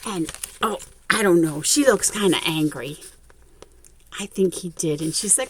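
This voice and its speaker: A woman narrating a picture book aloud to young children, with expressive gasps and remarks spoken straight to her listeners. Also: fairly low pitch, unhurried, a little hiss or hum. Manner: talks directly to young viewers. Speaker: children's story reader.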